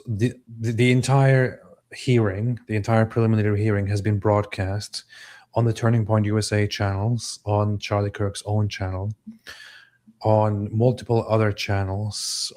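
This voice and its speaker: A man with a fairly low voice gives live commentary on court footage. He talks in a deliberate, measured way and restarts some phrases. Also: a little mellow. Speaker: co-host of a live stream.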